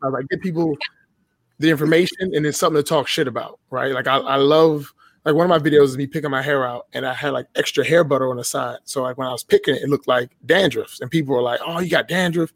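A man's voice: medium pitch, fast, no room sound. A man chatting casually on a podcast as a guest, telling stories in a laid-back, profane way and quoting other people's reactions. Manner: profane, laid-back storytelling with quoted voices. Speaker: guest, beard-care business owner.

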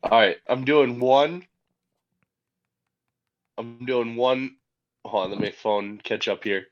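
A man's voice: medium pitch, steady tone, slow pace. A man co-hosting a casual podcast, laid-back and laughing along. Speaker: podcast co-host. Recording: dull lo-fi sound.

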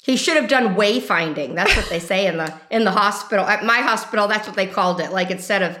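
A woman's voice: mid-range voice, fast, sharp tone, a little hiss or hum. A woman co-hosting a podcast, jokey and chatty, chiming in with asides. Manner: jokey, interjects, laughs. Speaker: podcast co-host. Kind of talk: casual banter.

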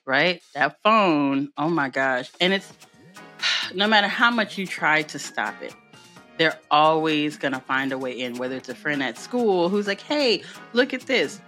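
A woman with a notably low voice hosts a casual podcast chat. She tells stories with lots of animation and laughter. Faint music plays quietly behind her. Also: unhurried. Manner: animated, laughing storyteller, acts out family voices. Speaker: podcast host.

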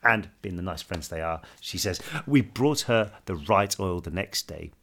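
Man, podcast co-host, casual, lively storyteller, lowish voice. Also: moderate pace, gravelly. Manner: lively storyteller, reads listener messages.

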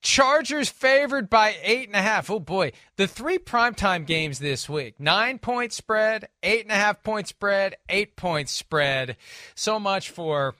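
A man's voice: high voice, animated, slow, pushed and bright, dry recording, clean studio sound. A man hosting a football picks show, delivering spreads and picks with wry, emphatic, playful jabs. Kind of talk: casual sports picks chat.

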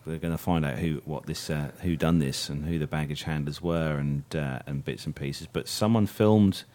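A man's voice: rumbling low, moderate pace, mellow. A man hosting a casual aviation news chat, reading stories aloud with many fillers and small coughs.

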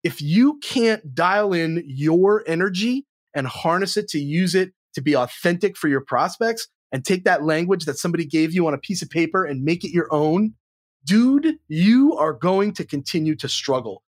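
A man with a fairly high voice talks sales training with blunt energy. He swears freely and jumps up in pitch to stress his points. The sound is dry and close. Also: lively intonation, moderate pace, dry recording. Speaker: sales trainer, podcast guest. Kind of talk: casual interview chat.

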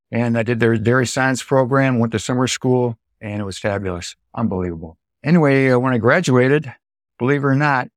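In a dry, studio-quality recording, a mid-range male voice belongs to a septuagenarian dairy farmer from Illinois, USA. He is an animated storyteller in an interview setting, acting out what other people said.

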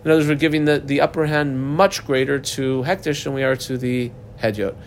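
A man's voice: medium pitch, steady tone, fairly quick, a little hiss or hum. A man teaching a Talmud class, reading Aramaic lines aloud and then explaining them in plain English.

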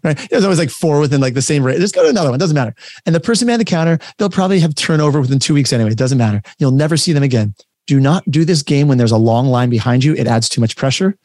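A man coaching a workshop over a video call, talking in an energetic, conversational and emphatic way. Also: medium pitch, racing, dry recording, studio quality. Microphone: webcam setup, facing camera.

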